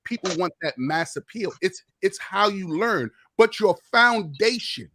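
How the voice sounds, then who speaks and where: A man, a comedian, talking in a lively, emphatic way on a call-in panel discussion. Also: high voice, a little slow, no echo. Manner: lively, emphatic, slips into impressions. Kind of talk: animated casual debate.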